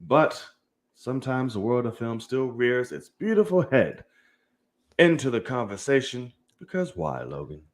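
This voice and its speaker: A man's voice: mid-range voice, very animated, unhurried. A young man hosting a casual film podcast, hyping the channel, chatting loosely and swearing freely. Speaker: podcast host. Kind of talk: casual chat.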